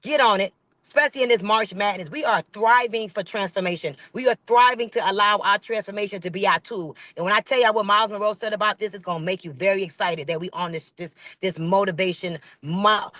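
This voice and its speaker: A woman leading a network marketing training call, giving an energetic, preachy sales pitch that repeats phrases for emphasis. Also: brisk, no room sound. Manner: hyped, preachy, calls the audience "baby" and "y'all".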